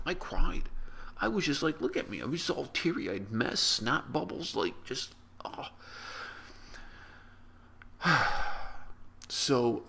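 A man's voice: on the low side, gravelly, sharp tone, slight background noise. A man reviewing a film in a rambling, heartfelt vlog monologue. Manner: rambling, heartfelt, many restarts.

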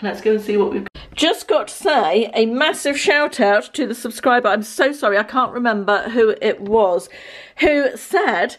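A woman's voice: on the high side, lively intonation, moderate pace. A woman, chatting casually at home as a lifestyle vlogger, rambling with lots of ums and asides. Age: 50s. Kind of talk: casual chat to camera. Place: home, indoors.

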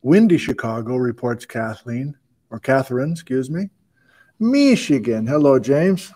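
A man's voice: mid-range voice, very animated, unhurried, mellow. A man hosting a casual livestream, upbeat as he greets viewers and reads out where they are watching from. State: out of breath. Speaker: host.

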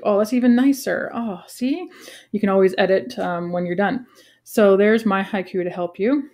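A woman in her forties explaining a lesson to students in a relaxed, casual way, with frequent ums and self-corrections. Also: medium pitch, moderate pace, gravelly. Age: 40s. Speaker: teacher.

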